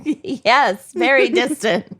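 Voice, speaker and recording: A woman's voice: on the high side, slow pace, fairly bright tone. A woman co-hosting a podcast, chatting casually with friends and breezily moving the talk along. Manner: breezy, steers the conversation along. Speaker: podcast co-host. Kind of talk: casual chat among friends.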